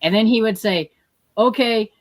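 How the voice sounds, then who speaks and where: Low-voiced woman telling a story. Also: steady tone, fairly quick, no echo. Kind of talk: casual chat.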